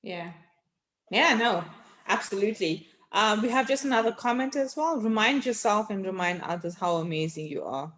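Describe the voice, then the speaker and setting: A woman's voice: mid-range voice, lively intonation, normal speed. A woman hosting a casual chat, agreeing often and speaking with many fillers. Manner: warm affirming, many fillers. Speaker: host.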